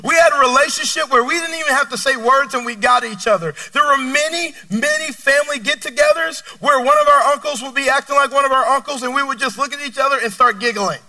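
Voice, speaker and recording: Man preaching, very high voice, sharp bright tone, sounds set back from the mic, swings loud to quiet. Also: expressive, fast talker, hardly any pauses, recorded from a distance. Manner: emphatic, swings between loud and hushed delivery. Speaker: pastor. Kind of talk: sermon with personal story.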